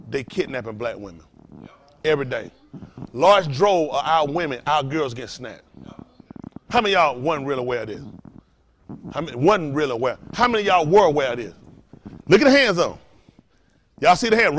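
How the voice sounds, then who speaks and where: Male pastor, high voice, preaching, call-and-response, rhetorical questions, loud-soft swings. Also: slight background noise.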